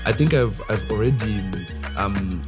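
A middle-aged man with a Zimbabwean accent, a stand-up comedian chatting casually as a podcast guest, animated and full of stammered restarts. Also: fairly low pitch, measured pace, gravelly, music in the background.

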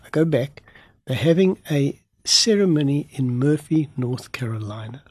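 A man, a pastor from Africa, telling a story in an animated way and acting out the dialogue. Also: medium pitch, moderate pace, slightly rough, dry recording. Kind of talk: storytelling testimony in an interview.

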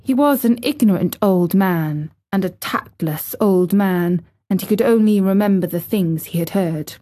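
A woman reading a classic novel aloud as an audiobook narrator, with measured, expressive storytelling. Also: medium pitch.

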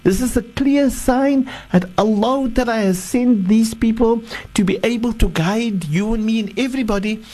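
A man's voice: very high-pitched, normal speed, few pauses, darkish tone, pitched above the performer's own voice. A man voicing converted magicians who boldly defy a tyrant with fervent conviction. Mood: fervent defiant. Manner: bold, fervent defiance. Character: defiant group of converted male magicians.

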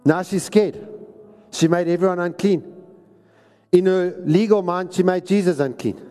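A man's voice: sits high, a little slow, mellow, faint music behind. A man preaching a sermon, exhorting and repeating lines for emphasis. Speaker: pastor. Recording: reverberant hall recording.

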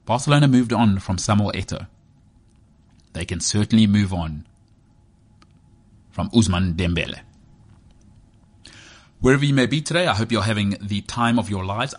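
A man in his thirties with a South African accent, hosting a sports show as a rambling, joking, self-mocking monologue. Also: on the low side. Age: 30s. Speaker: sports podcast host.

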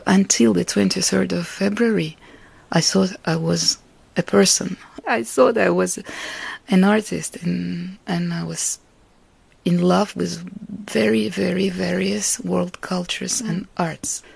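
Gravelly, husky Russian-born woman. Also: lowish voice, fairly even intonation, slow, no echo. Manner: earnest, reflective, laughs softly between thoughts. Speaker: artist and interviewee. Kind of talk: interview answers.

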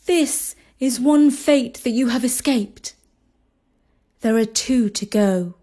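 Woman voicing young bride, storybook reading, high pitched, urgent, insistent. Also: slow, warm tone. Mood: resolute. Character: young bride, alarmed and protective.

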